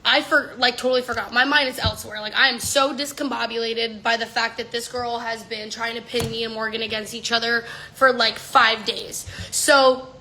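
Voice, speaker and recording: A young woman telling a story in an animated, casual way, swearing and saying "like" a lot. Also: a little high, normal speed, few pauses, a little hiss or hum. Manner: animated, swearing, heavy use of "like".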